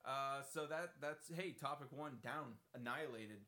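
A man's voice: medium pitch, unhurried, pushed and bright. A man co-hosting a podcast, joking and rambling in casual banter. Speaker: podcast co-host.

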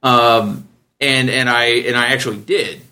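Male podcast host, 30s, casual and animated storyteller. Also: a little slow. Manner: animated storyteller, jumps high when quoting others.

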